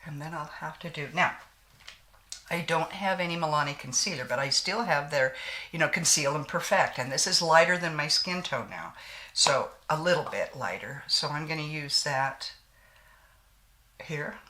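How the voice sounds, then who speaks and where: A woman in her sixties chats away as she does her makeup, trading homespun stories and sayings with a slight lingering cough. Her voice sits low but has a bright, forceful edge to it. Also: moderate pace. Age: 60s. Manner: chatty storyteller with frequent laughs and folksy sayings. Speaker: beauty vlogger. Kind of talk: casual chat while doing makeup.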